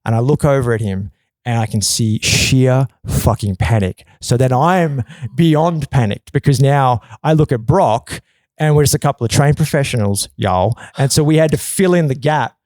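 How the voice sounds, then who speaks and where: A man telling a long, animated story in a casual podcast chat, often swearing and acting out quotes in a loud, high voice. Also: moderate pace, no echo. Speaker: podcast guest.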